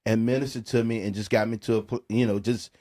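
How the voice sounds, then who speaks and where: This middle-aged music producer from New Orleans, USA, guesting on a podcast, recounts a personal story casually and quickly in a fairly low voice. Full of "bro" and "man," he animatedly performs the dialogue he quotes.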